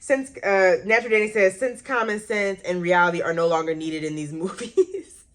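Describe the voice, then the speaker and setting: A young woman with a medium-pitched voice, speaking at normal speed, hosts a casual movie chat as a radio host reviewing films. She reacts to viewer comments with laughter and exclamations.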